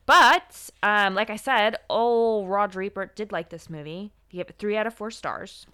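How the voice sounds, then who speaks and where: A young woman chatting casually about a film as a podcast co-host. Her voice is smooth and clear at a middle pitch, and she speaks in a halting, chatty way, laughing often. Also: sharp tone, dry recording. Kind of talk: casual film review chat.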